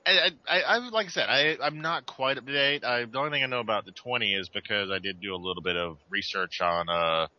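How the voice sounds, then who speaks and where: A man's voice: medium pitch, fast talker, hardly any pauses. A man co-hosting a casual podcast chat, rambling with lots of stammered restarts. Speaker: podcast co-host. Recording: dull lo-fi sound.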